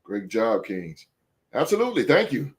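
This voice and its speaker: A man's voice: medium pitch, huge pitch swings, normal speed. A man in casual banter, slangy and stammering as he talks. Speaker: podcast co-host.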